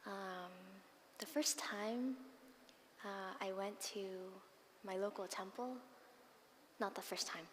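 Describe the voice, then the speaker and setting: Woman, Buddhist nun, dharma talk, expressive storytelling, breathy asides, long hall reverb, mid pitch. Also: takes it slowly, long pauses, slight background noise. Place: monastery meditation hall.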